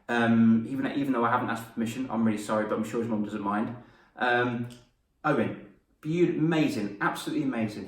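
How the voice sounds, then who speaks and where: A man's voice: medium pitch, far from the mic. A man, an upbeat confidence coach teaching a live online lesson to children and praising them by name. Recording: echoey room, voice from off-mic.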